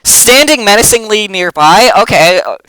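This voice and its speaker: A game master narrating a tabletop game in a loose, halting, conversational way, often restarting a phrase. The voice is bright and crisp, with a lively swing, recorded close and dry. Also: medium pitch, no echo, poor audio. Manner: hesitant, many fillers and restarts, casual swearing.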